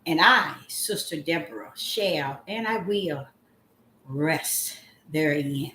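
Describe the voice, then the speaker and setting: A woman calling herself a prophetess, giving a slow spoken devotional message. She draws her words out and breaks into loud cries of apology. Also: sits low, expressive, roomy sound. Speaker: self-styled prophetess.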